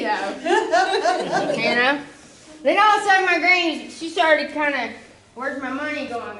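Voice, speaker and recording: Young woman, bright voice, conversational testimony, roomy distant sound. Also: a little high, slight background noise. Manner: casual storytelling with frequent asides. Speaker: speaker giving a recovery testimony. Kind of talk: personal testimony.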